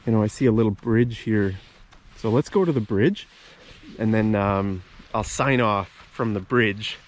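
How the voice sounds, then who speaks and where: Walking outdoors through a park with bushes and a bridge, a man hosts a casual English-teaching vlog, explaining words as he goes. His voice is lowish and a little slow.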